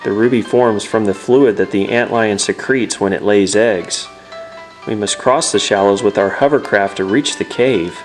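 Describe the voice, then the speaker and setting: A man's voice: lowish voice, normal speed, faint music behind, lightly acted, low-quality recording. A man voicing a young grieving prince in a video game, in a plain reading voice. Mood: sorrowful.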